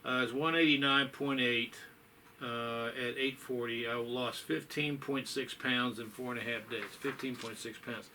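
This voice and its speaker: A tired man talks casually to his viewers, rambling along with plenty of ums and sighs. His voice sits at an ordinary middle pitch, and a faint hiss of noise runs underneath. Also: steady tone, measured pace, bright, forceful tone. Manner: rambling, folksy, with many fillers and sighs. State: tired, yawning. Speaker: vlogger. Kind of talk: casual chat.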